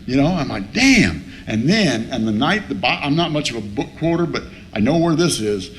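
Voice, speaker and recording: A man's voice: mid-range voice, lively intonation, a little fast. A man speaking at a recovery meeting, telling a funny personal story with plenty of cussing and acted-out moments. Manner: salty, swearing storyteller who acts out his past self. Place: meeting room.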